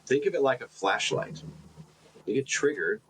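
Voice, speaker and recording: A man co-hosting a podcast in casual reflective chat, animated and self-deprecating in his stories, often repeating his words. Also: mid-range voice, moderate pace, a little hiss or hum, poor audio. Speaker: podcast co-host.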